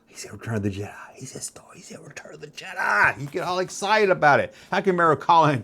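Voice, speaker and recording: Male host, fifties, mid-pitched, rambling nostalgic monologue, loose and chatty. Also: fairly bright tone. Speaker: YouTube host.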